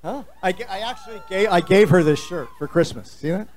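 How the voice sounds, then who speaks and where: A middle-aged man with a New Jersey accent, hosting a podcast in an animated, jokey, opinionated way on stage. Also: high-pitched, brisk. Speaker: podcast host. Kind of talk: live stage address to fans.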